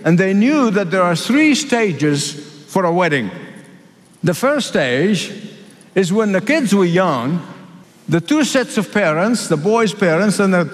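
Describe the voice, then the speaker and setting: Preacher guy from the middle east, high voice, hammers phrases over and over, big echoey hall. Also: big pitch swings. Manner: emphatic, repeats key phrases, slows for weight. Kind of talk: sermon. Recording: reverberant hall.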